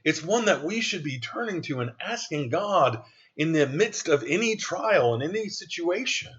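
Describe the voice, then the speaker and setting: A man's voice: on the high side, very animated, normal speed, a bit bright, highs cut off. A man preaching a sermon as pastor, reading scripture aloud in an earnest way with some restarts.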